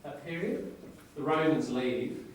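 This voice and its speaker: A man's voice: a little high, measured pace, a little hiss or hum. Male teacher, echoey classroom, far mic. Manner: explains in short phrases, checks in with the class. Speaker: English teacher. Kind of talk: classroom lecture with reading aloud.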